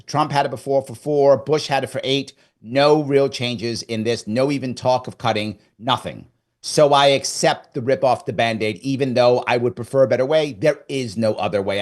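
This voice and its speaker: A middle-aged man from New York talking as an interview guest. He tells his story in an animated way and slips into the voice of his own past thoughts. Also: medium pitch. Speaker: guest, former governor candidate. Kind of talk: casual interview chat.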